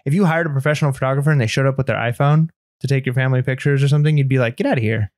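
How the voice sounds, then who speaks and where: A man co-hosting a casual chat podcast, speaking fast and loosely with plenty of "like" and restarts. He sounds close and dry, with no room sound. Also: medium pitch, steady tone, darkish tone, dry recording. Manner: rapid, rambling, lots of fillers and restarts. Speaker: podcast co-host.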